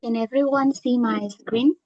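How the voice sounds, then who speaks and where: Woman, ah counter, higher voice, very slow and methodical, slightly dull video-call audio. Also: steady tone, darkish tone. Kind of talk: online meeting report. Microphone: computer mic on a video call.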